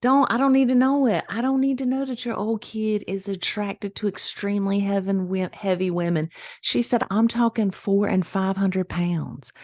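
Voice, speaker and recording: A middle-aged woman, co-hosting a podcast and telling a story in casual chat, animated and laughing as she acts out the voices she quotes. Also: medium pitch, normal speed, few pauses, no room sound, studio quality. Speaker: podcast co-host.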